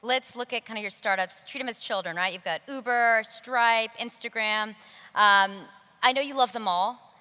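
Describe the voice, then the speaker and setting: A woman interviews a guest on a conference stage and asks quick, curious questions. Her voice sits a little high and sounds bright. A long hall reverb trails her words. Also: smooth.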